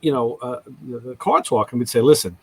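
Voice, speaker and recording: A man's voice: medium pitch, a little fast, slightly rough, no room sound, rough recording. A man hosting a casual radio talk show, telling stories and acting out callers' voices. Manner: animated storyteller, acts out callers' voices.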